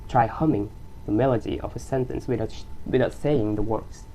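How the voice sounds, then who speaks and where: A man's voice: medium pitch, fairly quick, warm tone, slight background noise, rough recording. A young man giving a class presentation, hesitant, with fillers and restarts. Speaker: student presenter.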